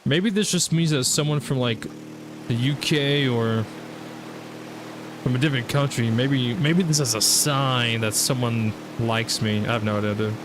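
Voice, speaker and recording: Rambling Southern US gaming streamer. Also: male voice, mid-range voice, a little slow, background noise. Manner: rambling, chatty, talks straight to viewers. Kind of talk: casual livestream commentary.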